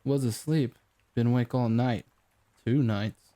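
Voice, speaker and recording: A man voicing an exhausted, gruff ex-army detective in an audiobook, speaking tersely. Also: medium pitch, a little slow, dark tone, close to an everyday voice. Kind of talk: audiobook character voice.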